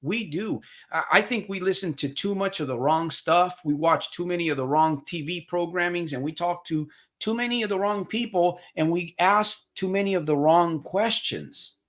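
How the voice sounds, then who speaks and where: A recovery coach hosts a live motivational broadcast from a home studio with a green screen. He addresses viewers like friends in a preachy way, repeats phrases for emphasis and reads their comments aloud. His high-pitched, fairly bright voice moves at a moderate pace with few pauses.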